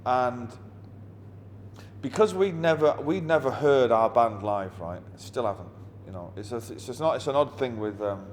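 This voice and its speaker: Middle-aged Mancunian musician, blunt and sweary, mid-pitched, recorded with a long reverb tail and faint ambient hiss. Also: male voice, animated, moderate pace. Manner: blunt, heavy swearing, wry. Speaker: musician being interviewed. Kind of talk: anecdotal interview storytelling.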